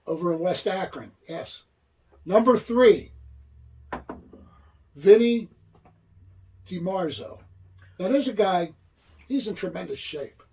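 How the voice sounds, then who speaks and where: A man's voice: sits high, animated, takes it slowly, pauses often, darkish tone, distant mic, slight background noise. A man co-hosting a wrestling talk show, teasing his partner with wisecracks and puns. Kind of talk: casual joking chat.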